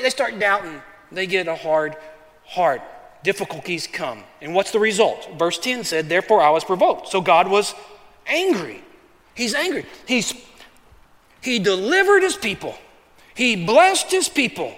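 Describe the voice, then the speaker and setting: A man with a high, light voice preaches a sermon in a casual, conversational style, calling his listeners "man" and slipping into quick acted voices. His voice rings out in a big church hall with a long reverb tail. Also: expressive, fairly bright tone. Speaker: pastor.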